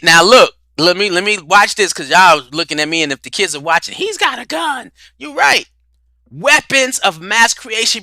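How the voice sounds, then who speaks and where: Man, talk-show host, preacherly, bright voice, dry close mic, a bit high-pitched. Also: no echo. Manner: preacherly, rhetorical questions, repeats words, swings from loud to quiet. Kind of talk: livestream talk on spirituality and culture.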